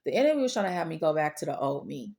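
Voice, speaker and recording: Woman, low gravelly voice, earnest faith testimony, repeats lines. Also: very animated, racing, a little mellow. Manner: earnest storytelling, repeats phrases. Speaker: faith vlogger sharing testimony. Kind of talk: personal testimony, casual preaching.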